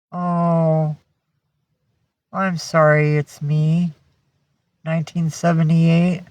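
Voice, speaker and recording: A woman's voice: low voice, no echo. A woman chatting casually on a livestream, greeting and thanking viewers by name and cooing at her pets. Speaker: livestream host.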